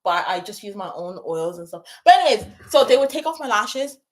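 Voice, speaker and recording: A woman's voice: mid-range voice, sing-song, brisk. A young woman hosting a casual livestream, reading out viewer questions and answering them in a chatty, emotional way full of fillers and restarts. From moved to England from abroad. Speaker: YouTube livestream host.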